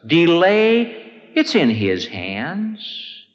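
A man preaching a sermon. He swings from ringing high peaks down to hushed low endings. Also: expressive, a little slow, long reverb tail, dull audio. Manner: dramatic rises and hushed drops in delivery.

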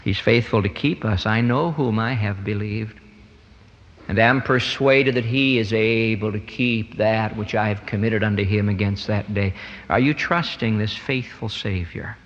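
A man preaching a sermon, swinging between quiet stretches and loud emphatic peaks. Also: unhurried, long reverb tail, muffled recording. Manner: dramatic swings in pitch and loudness, rising to emphatic peaks.

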